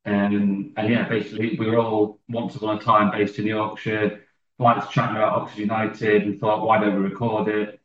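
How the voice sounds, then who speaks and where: A man's voice: fairly low pitch, level tone, normal speed, slight background noise. A man, a football fan guest, talking hesitantly with many ums. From England. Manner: hesitant, lots of ums, self-deprecating. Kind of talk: remote podcast interview. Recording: roomy distant dull call audio.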